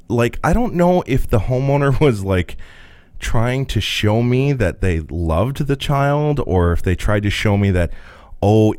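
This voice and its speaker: A rural Midwestern American man co-hosting a podcast shares a work story, cursing casually and laughing along. His voice is low and a little mellow, and the recording is dry.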